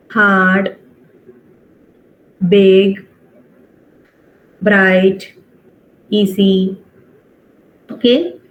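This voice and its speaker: A woman teaching an online English class, explaining step by step, checking with questions and mixing in Hindi phrases. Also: a little high. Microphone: video call. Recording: dull online-class audio.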